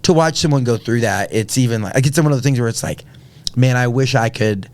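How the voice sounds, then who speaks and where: A man's voice: mid-range voice, a little fast, a little mellow. A man, telling a personal story earnestly on a podcast, with many fillers and restarts. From Indiana, USA. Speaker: podcast guest. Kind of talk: casual storytelling.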